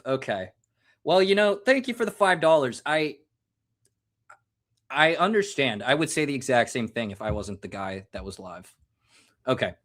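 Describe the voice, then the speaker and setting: Animated yet pausing often, an American man talks at normal speed in a mid-range, fairly bright voice. He rambles casually through a live stream, cracking self-mocking jokes like someone having a drink on air.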